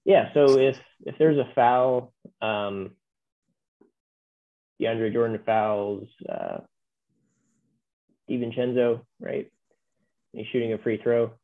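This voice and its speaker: A man walking through software in a webinar, relaxed and full of fillers. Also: mid-range voice, takes it slowly, gravelly, long pauses. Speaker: software trainer. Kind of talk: webinar walkthrough. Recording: tinny phone-like line.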